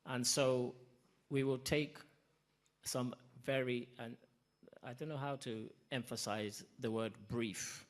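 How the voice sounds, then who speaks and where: A man's voice: medium pitch, steady tone, slow pace. A man chairing a panel at a public event, speaking emphatically with self-deprecating asides. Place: conference hall.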